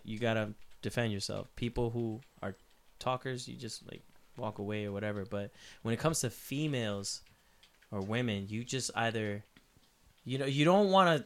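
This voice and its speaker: A man's voice: medium pitch, moderate pace, clean tone. A man from Puerto Rico, a podcast guest, telling stories in casual chat and acting out the people in them. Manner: animated storyteller who acts out other people's voices.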